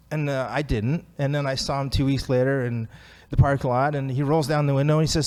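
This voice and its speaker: A man's voice: medium pitch, little pitch movement, brisk, hardly any pauses, a little mellow. A man sharing his recovery story at a meeting, chatty and self-deprecating, laughing often. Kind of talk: personal story at a recovery talk.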